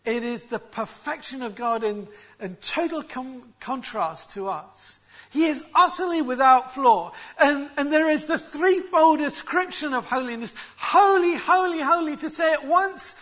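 A man preaching with a very high, bright and forceful voice. He explains his text emphatically and often restarts words mid-phrase. The recording sounds a little dull and lo-fi. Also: expressive, unhurried. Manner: expository, emphatic, with frequent restarts. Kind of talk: sermon.

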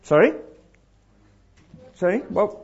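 A middle-aged man preaching to a congregation, animated and throwing questions out to the crowd. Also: sits high, takes it slowly, slightly rough. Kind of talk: interactive sermon. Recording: dull lo-fi live recording.

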